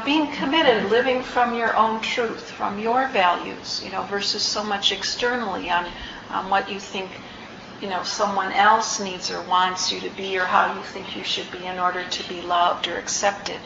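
Brief: woman teacher, unhurried dharma talk, mid-pitched, slightly dull room recording. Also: steady tone, creaky, echoey room, noisy background. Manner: reflective, unhurried, frequent ums and restarts. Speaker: meditation teacher.

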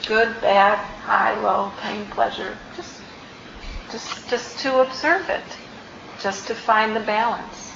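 A woman giving a dharma talk as a meditation teacher, reflective and unhurried, with frequent ums and restarts. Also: medium pitch, fairly even intonation, gravelly, noisy background. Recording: roomy, slightly dull recording.

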